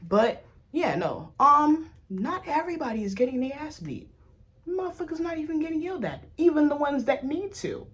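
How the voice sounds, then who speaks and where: A young adult woman from Africa talking candidly in a casual vlog, blunt and profane, jumping from loud outbursts to low mutters. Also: very animated, normal speed. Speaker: vlogger.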